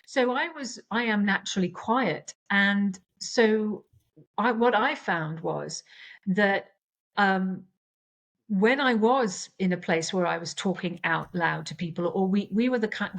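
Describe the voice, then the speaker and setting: A woman's voice: medium pitch, rough recording. A middle-aged woman coach in casual conversation, explaining her methods earnestly and acting out quoted exchanges.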